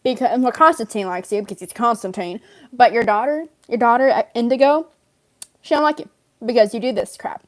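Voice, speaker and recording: Woman, high-ish voice, rambling in-character storyteller, loads of "like", quick to laugh. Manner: rambling, fills talk with "like", laughs often. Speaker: fan role-player in character.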